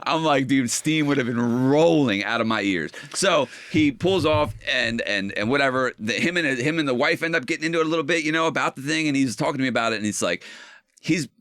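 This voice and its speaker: A man's voice: medium pitch, no room sound. A man hosting a podcast in casual chat, telling stories with lots of restarts and swearing. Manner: animated storytelling, swearing, quick restarts. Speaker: podcast host.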